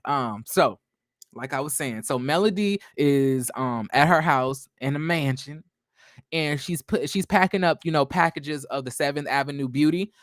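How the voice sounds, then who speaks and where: A man's voice: fairly high pitch, normal speed, a bit bright, no room sound, studio quality. A man recapping a reality TV episode in a casual, sassy way, chatting to viewers and drifting into asides. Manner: sassy, slangy, addresses viewers as y'all.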